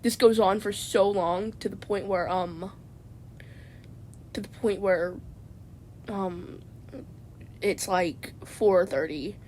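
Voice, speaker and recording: A woman's voice: medium pitch, fairly even intonation, slow, long pauses, a little mellow, slight background noise. A woman vlogger telling a rambling comedic story from inside a parked car, stammering and tacking "man" onto her sentences.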